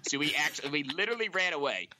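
Bright-voiced young man telling a story. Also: fairly high pitch, rapid-fire, a little hiss or hum, rough recording. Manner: animated, laughs a lot, swears freely. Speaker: podcast co-host. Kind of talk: casual storytelling chat. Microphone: remote call over shaky Wi-Fi.

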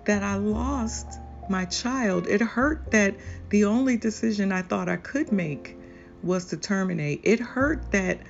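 A woman hosting a podcast, speaking in a slow, earnest, confessional monologue. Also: mid-range voice, creaky. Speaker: podcast host. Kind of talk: personal reflective monologue. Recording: dull lo-fi recording with faint music.

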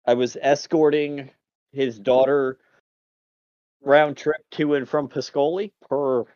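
A man's voice: mid-range voice, fairly even intonation, slow, darkish tone, dry recording, muffled recording, lightly acted. A man playing a captured captain of a lord's guard, answering questions in a plain, matter-of-fact way.

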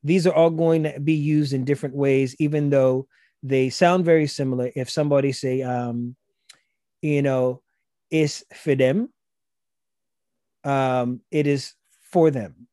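A man's voice: mid-range voice, fairly even intonation, measured pace, mellow, no room sound, clean studio sound. A man with a Gullah Geechee accent, talking as a guest and explaining his language in a loose, conversational way with frequent restarts. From South Carolina. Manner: loose, repetitive restarts, acts out quoted voices.

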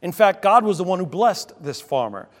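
A pastor preaching a sermon in an animated way, with sudden loud exclamations. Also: male voice, sits high, moderate pace. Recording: long church reverb.

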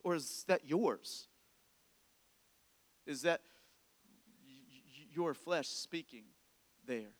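A man's voice: fairly high pitch, drawn-out words, long pauses, in a large hall. A man preaching a sermon as a pastor, talking to the congregation in a conversational way, full of rhetorical questions and repeated phrases.

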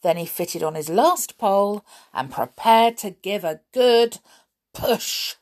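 A woman reading a children's storybook aloud in an expressive, measured storytelling manner. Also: mid-range voice.

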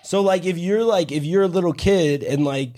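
A man's voice: high-pitched, normal speed, warm tone. A young man co-hosting a casual podcast chat, rambling with lots of fillers and swearing freely. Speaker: podcast co-host.

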